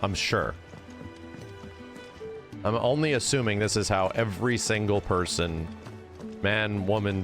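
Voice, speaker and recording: A man's voice: fairly low pitch, unhurried, pauses often, over music. A man casually commenting on a game he is playing, joking and sarcastic as he talks to his chat. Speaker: gaming streamer. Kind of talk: casual let's-play commentary. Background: game soundtrack.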